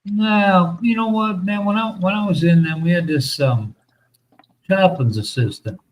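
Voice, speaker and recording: A man's voice: high voice, measured pace, a little hiss or hum, poor audio. A middle-aged man from the United States, hosting a casual chat and telling long, profane army stories with many fillers. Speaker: host.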